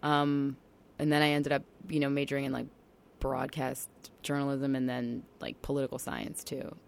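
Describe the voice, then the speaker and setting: A New York woman with a faint local accent chats casually as a podcast guest, scattering "like" and "you know" throughout. Her bass voice is monotone with vocal fry at a moderate pace, and there's slight background noise.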